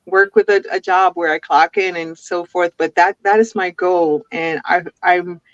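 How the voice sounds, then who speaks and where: A woman's voice: fairly low pitch, steady tone, moderate pace, no room sound. A woman from an island who talks as an interview guest on a video call. She chats with many restarts and laughs often. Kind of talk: casual interview chat. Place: home with a forest backdrop. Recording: dull lo-fi video call audio.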